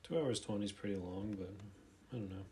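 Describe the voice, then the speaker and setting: A man's voice: lowish voice, brisk, dark tone, slight background noise. A man casually thinking aloud as he browses a website, hesitant and rambling, with many fillers and restarts, now and then reading a summary aloud. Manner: reads plot summaries aloud, then comments. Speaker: YouTube movie commentator. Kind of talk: casual off-the-cuff commentary while browsing a website. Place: room at home, at a desk chair.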